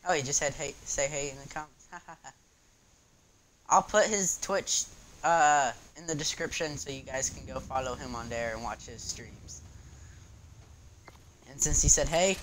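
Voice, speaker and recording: A gaming channel host giving live gameplay commentary, excitable and chatty with viewers, yelping and shouting when something happens in the match. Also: medium pitch, a little slow, long pauses, a little hiss or hum. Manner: excitable, yelps and shouts at game moments; chatty, talks to viewers between rounds.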